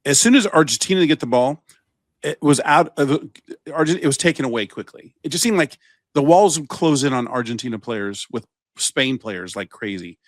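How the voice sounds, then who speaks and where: A man's voice: medium pitch, animated, normal speed, dry recording, clean studio sound. A man co-hosting a podcast, giving sports takes in casual chat with lots of false starts. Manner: chatty, breaks off and restarts a lot. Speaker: podcast co-host.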